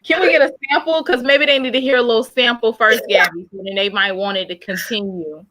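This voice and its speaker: A woman's voice: a little high, steady tone, brisk, pushed and bright, dry recording. A woman hosting a livestream, chatting casually and coaxing viewers to donate with slangy hype. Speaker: livestream host. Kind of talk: casual fundraising chat.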